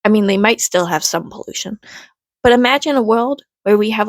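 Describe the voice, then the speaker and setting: A woman ranting on her vlog from home, rambling and swearing, swinging from low mutters to loud, exasperated outbursts. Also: fairly quick, no echo. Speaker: vlogger.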